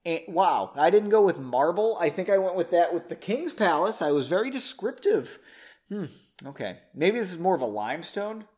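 A man's voice: high-pitched, very animated, moderate pace, darkish tone. A man hosting a podcast, reading his own story aloud and mocking it with sarcastic asides. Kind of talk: comedic reading with commentary.

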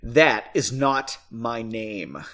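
A man's voice: a little high, huge pitch swings, a little slow, bright, forceful tone, full character voice. A proud young woman barely holding back her rage, cold and clipped in every word, as a man reading his book puts her on. It sounds like a storybook read aloud. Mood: icy. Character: proud, furious young woman, icy and defiant.

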